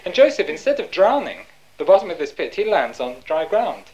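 Woman preacher, low voice, very animated delivery, emphatic and rhetorical. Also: brisk, lo-fi sound. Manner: emphatic, rhetorical questions answered herself. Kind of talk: sermon.

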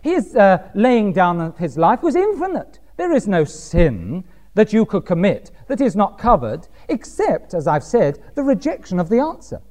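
Emphatic male preacher with a lively voice. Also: high-pitched. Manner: emphatic, rhetorical questions, reads scripture slowly. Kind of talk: sermon.

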